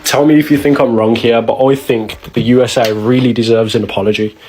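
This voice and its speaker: A man's voice: mid-range voice, fairly even intonation, a little fast, darkish tone, slight background noise. A man speaking earnestly and persuasively to camera. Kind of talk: to-camera opinion.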